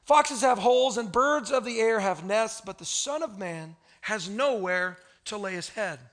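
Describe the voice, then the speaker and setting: A man voicing a calm, frank teacher who speaks in a measured way. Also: high voice.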